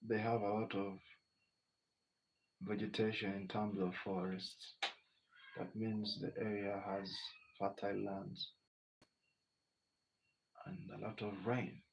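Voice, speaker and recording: A man's voice: on the low side, little pitch movement, slow, creaky, long pauses, a little hiss or hum. A man hosting a casual livestream, reading out viewer comments and greeting them by name, dropping "you know" often. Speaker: livestream host. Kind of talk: casual live-stream chat with viewers. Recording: dull lo-fi stream audio.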